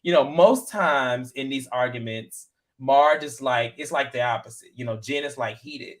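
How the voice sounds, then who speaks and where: A man co-hosting a casual reality TV recap show, talking in a chatty, animated way with lots of fillers and retold quotes. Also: mid-range voice, normal speed. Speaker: podcast co-host.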